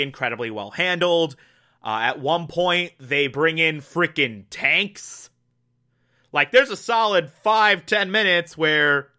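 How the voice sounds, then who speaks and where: A man's voice: a little high, bright, forceful tone, smooth. A young man casually reviewing a TV episode, enthusiastic and rambling, with lots of fillers and mild swearing.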